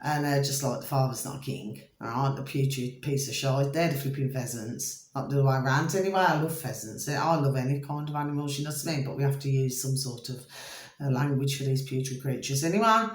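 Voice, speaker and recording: A woman, chatting casually and rambling, repeating pet names and swinging from loud to hushed. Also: extremely low pitch, a little fast. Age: 50s. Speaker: vlogger. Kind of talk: casual chat. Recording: echoey room.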